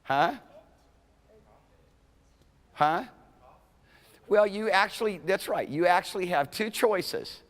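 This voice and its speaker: A man's voice: a little high, moderate pace, pauses often, a bit bright, in a large hall. A man teaching an introductory Hebrew class as a classroom lecture, talking casually and checking in with the students often. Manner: conversational, checks in with "okay?" often. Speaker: Hebrew instructor. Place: lecture room.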